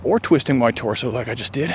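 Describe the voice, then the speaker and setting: A man with a medium-pitched, expressive voice vlogs during a run on an outdoor trail in the rain. His rambling talk is winded, reflective, and jokey, with long sighs, and faint rain hiss is audible.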